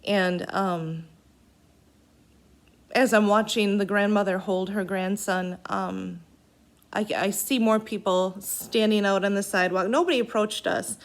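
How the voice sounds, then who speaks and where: A woman recounting a personal event in an unscripted way, halting and earnest, with pauses. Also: medium pitch, fairly even intonation.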